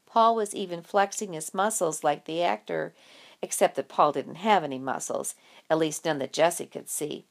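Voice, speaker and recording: A woman narrating an audiobook in a lively, expressive storytelling way. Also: deep voice, normal speed, gravelly.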